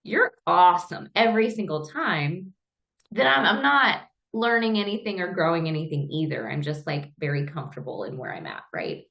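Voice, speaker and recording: A woman's voice: on the low side, animated, normal speed, vocal fry, dull audio. A woman co-hosting a podcast, talking in a reflective, conversational way. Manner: reflective, conversational, uses "like" and "right". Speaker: podcast co-host.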